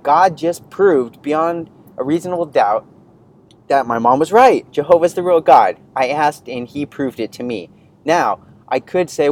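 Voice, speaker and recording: A man hosting a podcast, telling a personal story in a rambling, animated way and often cutting himself off mid-sentence. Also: medium pitch, moderate pace, slight background noise, rough recording. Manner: rambling, animated, self-interrupting. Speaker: podcast host. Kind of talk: casual storytelling monologue.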